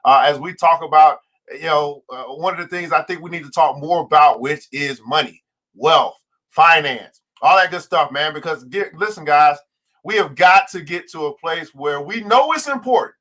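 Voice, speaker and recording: A male livestream host with a high, bright, forceful voice. He talks straight to his viewers in a fired-up, preacher-like way, drawing out the words he wants to land. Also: normal speed. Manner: fired-up preacher-like delivery, stretching key words; talks straight to viewers, greeting them by name. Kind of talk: livestream finance show.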